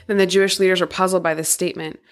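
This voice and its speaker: A woman's voice: on the low side, level tone, very fast. Woman steadily reading scripture aloud. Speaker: podcast co-host.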